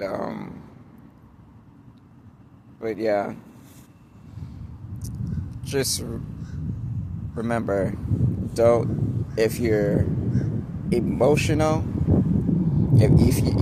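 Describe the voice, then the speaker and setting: Slow, deliberate man talking outdoors. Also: mid-range voice, fairly even intonation, very noisy. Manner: slow, deliberate, halting speech with many restarts. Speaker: vlogger. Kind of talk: casual motivational talk to camera.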